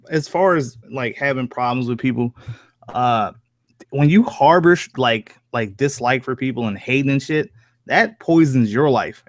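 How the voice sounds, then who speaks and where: A relaxed man chats casually as the host of a live stream and laughs easily between his slangy remarks. His voice sits at a middle pitch and comes through dry and close on an online voice chat. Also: no echo. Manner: laid-back, laughs often, slangy.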